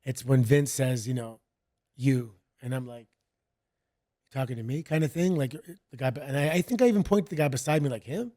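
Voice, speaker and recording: A middle-aged man from Canada, a guest chatting casually and telling rambling stories in a relaxed way. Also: medium pitch, quick pace, few pauses. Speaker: guest, wrestler. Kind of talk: casual interview chat.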